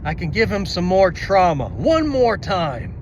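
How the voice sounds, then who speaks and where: A man's voice: high-pitched, big pitch swings, measured pace, background noise. A man voicing a spiteful grown man who mocks a kid with snickering glee, in a slightly muffled car recording. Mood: gleeful spite. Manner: snickering, mocking.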